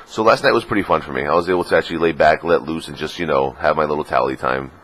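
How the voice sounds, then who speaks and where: Deep-voiced man in a crude casual vlog. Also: quick pace, fairly bright tone. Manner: crude, joking, full of fillers, slips into mocking put-on voices. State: sniffly, just woke up. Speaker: vlogger.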